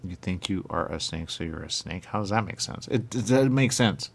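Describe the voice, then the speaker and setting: A man's voice: lively intonation, normal speed, vocal fry. A man in absurd comedic banter, arguing in goofy circles. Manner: goofy, circular arguing with big pitch jumps.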